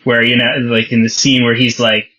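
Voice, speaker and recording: Rambling man with a bright voice. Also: medium pitch, monotone, a little fast, dull audio, soft background music. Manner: rambling, self-correcting, wry. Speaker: podcast co-host. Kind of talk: casual film review chat.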